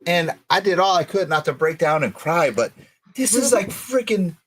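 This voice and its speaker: A middle-aged man hosting a podcast live stream, excitable and rambling, with lots of restarts. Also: sits high, moderate pace, breathy edge. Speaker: podcast host. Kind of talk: casual live-stream chat.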